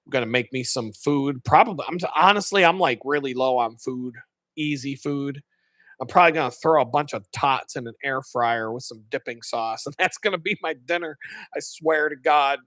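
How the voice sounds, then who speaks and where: A man on a live stream, telling stories in casual, profane, animated talk. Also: medium pitch, moderate pace, no echo. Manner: profane, animated, laughs often. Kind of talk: casual storytelling.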